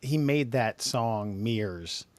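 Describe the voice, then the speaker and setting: A man hosting a podcast in casual, profane chat, laughing quickly and restarting his sentences. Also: fairly low pitch, animated, darkish tone, no echo. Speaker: podcast host.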